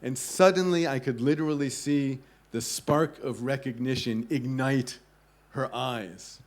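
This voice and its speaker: A man at a club event recounts a travel story to an audience. He tells it with animation, acting out the people he met. His voice sits at an ordinary middle pitch. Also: a little slow. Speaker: travel writer giving a talk. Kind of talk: storytelling talk to a live audience.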